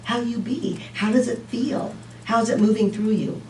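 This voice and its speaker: A woman's voice: on the high side, fairly even intonation, moderate pace, darkish tone, reverberant, recorded from a distance, a little hiss or hum, poor audio. A woman giving a casual, rambling sermon talk to a congregation, often laughing at herself. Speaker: speaker at a church service.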